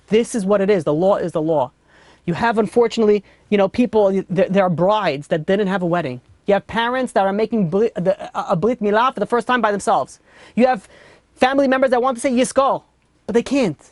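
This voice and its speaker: A man, a rabbi, giving a storytelling sermon, talking fast with frequent restarts and "you know" fillers. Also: high voice, no room sound. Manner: rapid, restarts often, heavy use of "you know".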